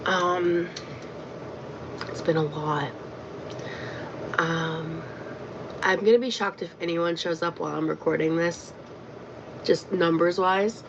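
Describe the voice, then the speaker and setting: A woman's voice: on the low side, fairly even intonation, slow pace, long pauses. A tired woman chatting on a livestream, rambling and hesitant with many fillers. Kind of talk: casual livestream chat. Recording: dull lo-fi stream audio with faint noise.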